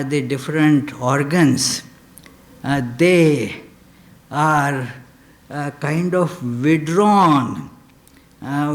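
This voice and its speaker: A man delivering a spiritual lecture, speaking slowly and haltingly with many "uh" pauses. His voice sits a little high for a man. He explains ideas patiently, one phrase at a time. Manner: slow, halting delivery with frequent "uh" fillers; lapses into chanted Sanskrit verse. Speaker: swami giving a lecture.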